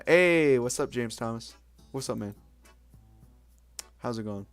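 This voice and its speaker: A man's voice: medium pitch, lively intonation, faint music behind. Rambling, self-mocking young man streaming at night. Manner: rambling and self-mocking, swearing, with quick jokey outbursts. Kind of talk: casual late-night livestream chat.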